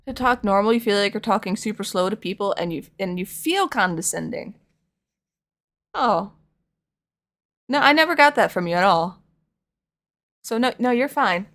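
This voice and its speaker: A woman's voice: mid-range voice, animated, normal speed, pauses often, a bit bright. A young woman with a slight lisp chatting casually with her stream audience while painting, rambling and self-deprecating.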